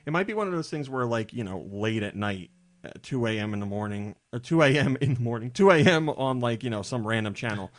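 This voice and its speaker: A man's voice: medium pitch, animated, a little fast. A man hosting a podcast in casual chat, chatty and jokey with rambling asides. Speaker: podcast host.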